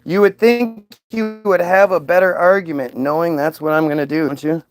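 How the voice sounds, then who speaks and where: Answering his viewers' comments, a streamer delivers a sarcastic, combative rant full of mockery. His fairly high voice is smooth, fairly even in intonation, and at a normal pace.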